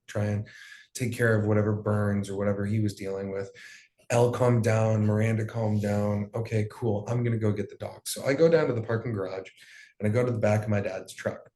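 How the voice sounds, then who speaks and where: A man's voice: fairly low pitch, mellow. A young man giving an emotional personal account as an interview guest, in loose, profane storytelling with plenty of fillers. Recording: roomy echo.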